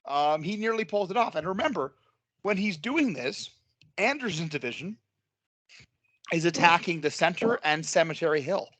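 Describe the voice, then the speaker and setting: Excited guy talking history, swears a bit, very dry close sound. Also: a little high, normal speed, no echo. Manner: enthusiastic, swears, laughs often. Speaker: podcast co-host. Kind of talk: casual history chat.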